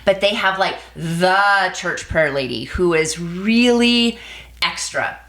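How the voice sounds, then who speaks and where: A woman in her thirties telling a personal faith story as a podcast guest, animated, acting out quoted voices. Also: slow pace. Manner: animated storyteller, acts out quoted voices with big pitch jumps.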